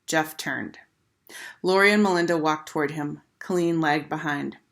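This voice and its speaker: A woman's voice: deep voice, moderate pace, creaky, fairly bright tone. Woman reading a children's book aloud.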